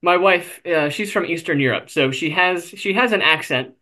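A man with a bright, forward voice recounts a personal story in an interview. He talks candidly, laughs at himself now and then, and leans on little fillers as he goes. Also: a little high, normal speed. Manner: candid, self-deprecating, with many fillers. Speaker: interview guest.

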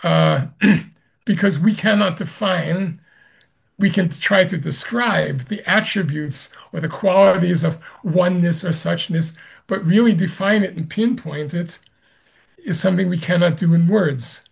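A man, a Zen master, answering an interview question with slow, gentle storytelling and soft laughs. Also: high-pitched, vocal fry, breathy edge.

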